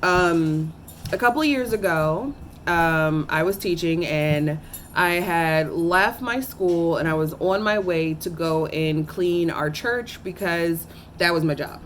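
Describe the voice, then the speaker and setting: Casting note: young woman, earnest halting storyteller, faint background hum. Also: on the low side. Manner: earnest and emotional, halting with many fillers and restarts. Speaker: teacher. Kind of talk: personal storytelling to camera.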